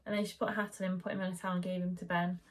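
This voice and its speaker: A woman's voice: fairly low pitch, racing. A young woman chatting casually at home, telling the story of her labour and birth. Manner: chatty, animated retelling, quoting the midwife in raised voice. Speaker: vlogger.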